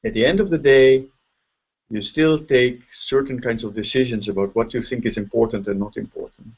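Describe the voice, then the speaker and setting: A Dutch-accented man teaching in a relaxed, conversational way, building his points step by step and checking in with "right?". His voice sits at a middling pitch. The sound is the dull, lo-fi audio of a video call. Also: normal speed, husky. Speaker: linguistics professor. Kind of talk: casual lecture over a video call.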